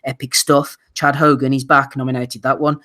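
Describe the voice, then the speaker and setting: A man's voice: medium pitch, flat delivery, normal speed, sharp tone. A British man co-hosting a casual boxing podcast, reading out listener nominations and laughing readily. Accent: British English. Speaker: podcast co-host.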